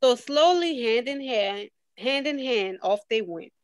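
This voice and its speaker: A woman reading a picture book aloud to children, slowly and expressively, stopping to ask them questions. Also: a little high, expressive, smooth, no room sound. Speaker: guest reader.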